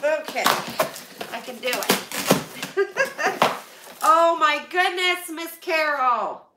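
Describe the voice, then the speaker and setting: A woman's voice: high-pitched, animated, drawn-out words, recorded from a distance. A woman in her thirties chatting on a livestream as she opens donation boxes, bubbly and exclaiming often. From Pennsylvania, USA. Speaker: vlogger opening donations on a livestream. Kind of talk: casual livestream chat. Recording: echoey room, voice away from mic, background noise.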